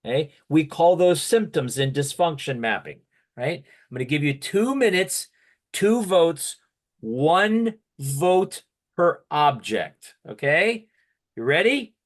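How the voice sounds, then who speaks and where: Man leading an online workshop on a video call; unhurried, a touch high-pitched, steady, fills with "okay". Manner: steady, peppers speech with "okay". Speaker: workshop facilitator.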